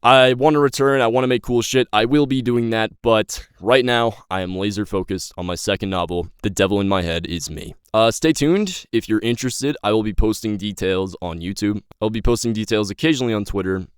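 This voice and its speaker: A man's voice: lowish voice, brisk, hardly any pauses, smooth, no room sound, clean studio sound. A nineteen-year-old man giving an impassioned, rambling personal update to his viewers, swearing and stumbling over his words. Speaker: YouTube creator and novelist.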